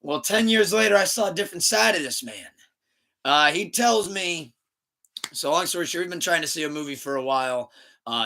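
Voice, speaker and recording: A man hosting a podcast, telling a story in a casual, animated way, laughing and switching between loud bursts and muttered asides. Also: fairly high pitch, normal speed. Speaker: podcast host.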